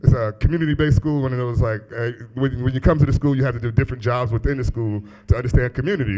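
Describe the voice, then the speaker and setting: Profane stand-up comic working a club crowd. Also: male voice, medium pitch, fairly even intonation, racing, few pauses, warm tone. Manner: loose, crowd-teasing, profane, laughs at own jokes. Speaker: stand-up comedian. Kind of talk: live stand-up set. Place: small comedy club. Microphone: handheld stage mic.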